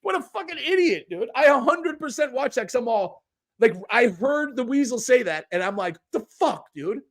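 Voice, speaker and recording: A man hosting a livestream in casual chat, rambling, excitable and swearing constantly. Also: very high-pitched, normal speed. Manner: profane, rambling and excitable, with many restarts. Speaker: livestream host.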